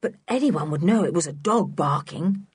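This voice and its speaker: A woman's voice: fairly low pitch, animated, moderate pace, breathy edge, no echo, clean studio sound. A woman reading a storybook, voicing a polite, sensible older boy who talks cheerfully.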